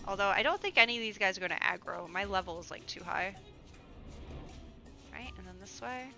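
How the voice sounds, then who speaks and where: Young woman streamer, giggly, bright voice, faint game music behind. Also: medium pitch, lively intonation, brisk, gravelly, long pauses. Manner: chatty, giggly, exclamatory. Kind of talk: casual gameplay commentary.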